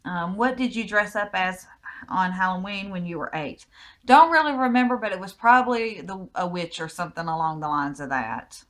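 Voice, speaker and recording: Laid-back Southern American woman, low voice. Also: normal speed, fairly bright tone. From United States. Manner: easygoing, rambling answers with frequent ums. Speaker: vlogger. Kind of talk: casual Q&A vlog.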